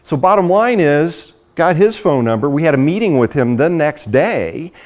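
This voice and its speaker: A middle-aged man giving a lively sales training talk, acting out conversations and laughing often. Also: a little high, moderate pace. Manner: animated storyteller, acts out dialogue, laughs often.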